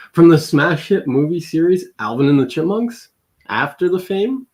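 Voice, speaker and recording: A man on a video call reading out game entries with mock-dramatic emphasis. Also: on the high side. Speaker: game show reader. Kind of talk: casual streamed chat, reading entries aloud.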